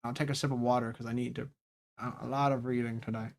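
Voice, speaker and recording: A man's voice: medium pitch, little pitch movement, fast talker, vocal fry, a little mellow. A man livestreaming a story game, rambling casually to his chat with plenty of swearing. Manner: rambling, profane, talks to chat. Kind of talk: casual live-stream chat while reading a game.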